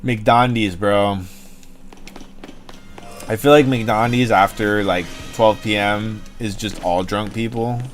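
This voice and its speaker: A man's voice: lowish voice, steady tone, slow pace, faint music behind. Rambling, joking young man streamer. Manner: rambling, joking, swears freely. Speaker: livestream host. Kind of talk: casual chat to stream chat.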